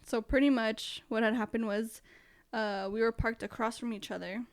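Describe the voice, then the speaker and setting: A young woman with a fairly high voice tells her stories in casual podcast chat, swearing freely and acting out what she said back then. The sound is close and dry, with no room echo. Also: normal speed. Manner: animated, swearing storyteller who acts out her own past lines. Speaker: podcast guest.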